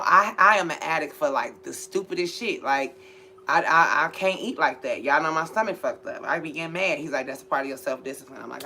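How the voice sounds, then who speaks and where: A woman reading for viewers, talking about spiritual topics in a blunt, profane, animated way. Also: on the low side. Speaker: spiritual reader and channel host. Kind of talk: casual spiritual chat.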